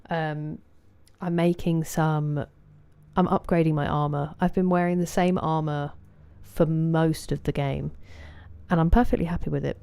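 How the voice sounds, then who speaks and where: With a low, warm voice and a southeast English accent, a woman from southeast England streams a game and chats casually with her live viewers, greeting them by name.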